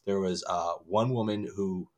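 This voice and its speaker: A man co-hosting a podcast, telling stories in casual chat with an animated, swearing manner. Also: low-pitched, normal speed. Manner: animated storytelling, loud when acting out others. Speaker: podcast co-host.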